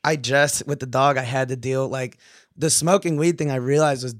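A man's voice: mid-range voice, steady tone, normal speed, no room sound, studio quality. A young man, a comedian and podcast guest, telling stories in a rambling, filler-heavy casual chat. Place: podcast studio.

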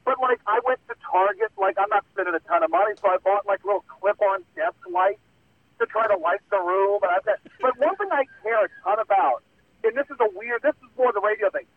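A man's voice: sits high, expressive, fairly quick. A man calling in as a guest, chatting casually in a rambling, self-mocking way with lots of fillers. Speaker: radio host guest. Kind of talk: casual chat. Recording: tinny phone line.

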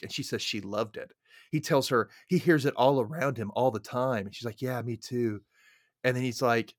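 Male podcast host, casual movie recap, dry close mic, mid pitch. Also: no room sound. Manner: laid-back, acts out characters with sudden loud yelps.

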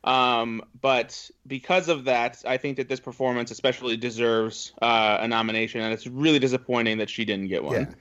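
A man on a film podcast panel, talking in a measured, explanatory way with some fillers. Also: mid-range voice, fairly even intonation, a bit bright, clean tone. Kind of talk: casual chat. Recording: dull lo-fi audio.

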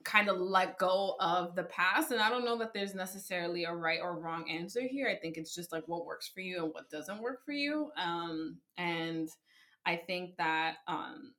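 A young woman speaks in a reflective, supportive way, with soft murmurs of agreement while she listens. Her voice is fairly low but very bright and sharp in tone. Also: normal speed. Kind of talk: casual chat.

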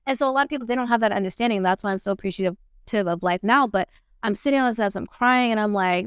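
A woman talks candidly as a podcast guest, blunt and profane as she retells what happened. Her voice is smooth and clear. It is recorded dry on a close mic. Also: on the high side, fast talker, no echo. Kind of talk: candid conversational storytelling.

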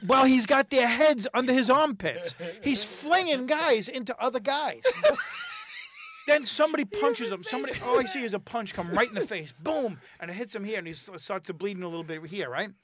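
A middle-aged man telling a comedy-club story in casual chat, animated and rambling, acting out the voices of the people in it. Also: very high-pitched, a little fast, a crowd in the background. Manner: animated, acts out quotes and voices, rambling restarts.

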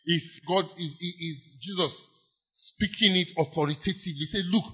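Preaching at normal speed, this pastor has a high-sitting, pushed, bright voice with a breathy edge. He drives his sermon with emphasis, repeating key phrases and drawing out words, as he guides the congregation through call-and-response declarations. The church recording is dull and lo-fi.

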